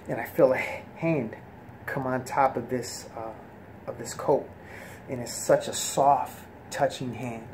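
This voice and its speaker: Earnest, halting man giving a testimony. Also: medium pitch, a little hiss or hum. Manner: halting, with many fillers and restarts; earnest and soft-spoken. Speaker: person giving a religious testimony. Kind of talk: personal testimony.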